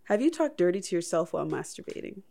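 A woman hosting a casual chat, with a lowish, gravelly voice full of fry. She backs her guest up and keeps things moving by reading out questions. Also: sing-song, quick pace, dark tone, a little hiss or hum. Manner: supportive, prompting, reads questions out. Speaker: host.

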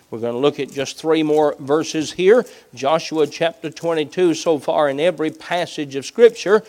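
Forceful preaching pastor, man. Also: a little high. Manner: preaching with rising intensity, emphatic Bible reading. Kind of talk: sermon.

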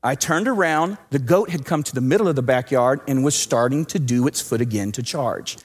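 Telling a story from his own life in a sermon, this Southwest Texas pastor moves lively between booming and quiet delivery. He speaks briskly, with a medium-pitched voice that has a breathy edge.

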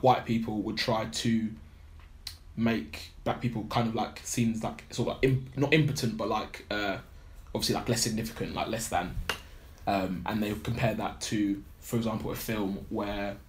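A man on a film podcast recounting a documentary in casual chat, pausing often with fillers as he searches for details. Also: on the low side, steady tone. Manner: halting, many fillers while recalling a documentary.

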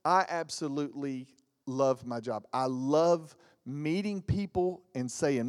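Animated pastor in a reverberant church. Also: male voice, medium pitch, measured pace. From Southern United States. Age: 40s. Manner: animated storytelling with jokes and mimicked voices. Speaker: guest pastor. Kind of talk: lively sermon with stories. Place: church sanctuary.

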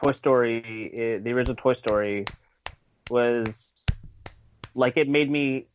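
A man's voice: mid-range voice, measured pace, dull audio, a little hiss or hum. A man in a casual podcast chat, talking hesitantly with many fillers and restarts. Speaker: podcast co-host.

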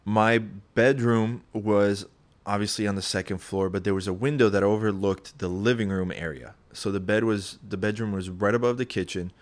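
A young man telling a personal story in a casual, rambling, profane way, getting animated as he retells it. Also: on the low side, moderate pace.

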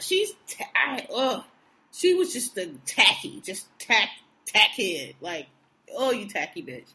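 A woman co-hosting a podcast in casual chat, with a blunt, profane, animated way of ranting. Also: medium pitch, slow pace. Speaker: podcast co-host.

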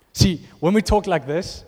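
A fairly high-voiced man, preaching to his congregation. He speaks with passion and rises into emphatic bursts. His voice rings out with long reverb through a large church hall. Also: darkish tone. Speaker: pastor. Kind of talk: sermon. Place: church auditorium.

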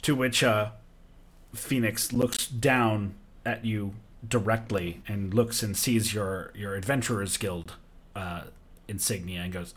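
A man narrating as game master of a tabletop game, relaxed and hesitant with many fillers. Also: on the low side, slow pace, slightly rough.

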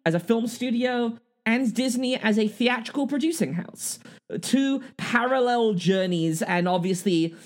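Lively-voiced woman podcast host. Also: on the low side. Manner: chatty, restarts sentences, laughs often. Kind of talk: casual chat.

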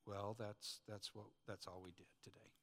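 A worn-out ancient soldier mutters quietly and flatly about his day of marching, as a preacher puts him on. The voice drops low and soft, with a long echo ringing through the church hall. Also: moderate pace. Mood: weary.

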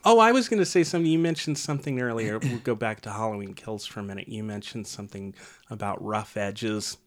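A man's voice: lowish voice, brisk. A man from Denver, a podcast co-host joking and acting out quotes in casual chat. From Denver, USA. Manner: joking, animated quoting.

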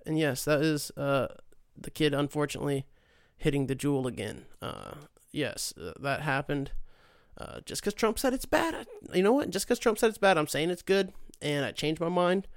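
A man's voice: a little high, moderate pace, clear, resonant tone, no room sound, studio quality. A man in his late twenties, a podcast host ranting casually with profanity and sarcasm. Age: late 20s. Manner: profane, sarcastic, animated mock voices. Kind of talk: casual rant.

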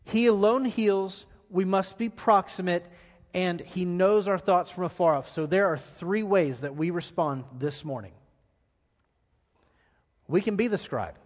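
A man with a high voice preaches a sermon, pressing his points with repeated lines and then sinking to a near hush. His words ring out with the long reverb of a large church sanctuary. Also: a little slow. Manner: emphatic preaching, repeats phrases, drops to a hush. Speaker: pastor.

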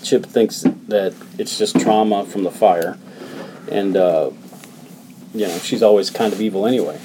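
A man's voice: lowish voice, moderate pace, very noisy. A man co-hosting a podcast, casually recapping a film's plot with plenty of uhs and likes. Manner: relaxed storytelling, hedges with uh and like. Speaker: podcast co-host recapping the film.

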